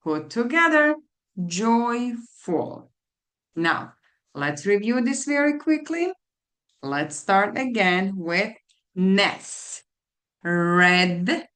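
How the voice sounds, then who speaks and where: A woman tutor teaching a phonics lesson to children, spelling out letters and repeating each word slowly. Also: mid-range voice, big pitch swings. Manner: slow, deliberate, spelling out letters and repeating words. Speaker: literacy tutor.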